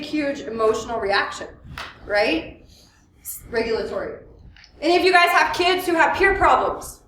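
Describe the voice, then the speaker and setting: A therapist giving a workshop lecture, lively and full of questions for the audience. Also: female voice, a little high, brisk, slight background noise. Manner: lively, asks the audience questions, acts out quotes. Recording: echoey room, mic at a distance.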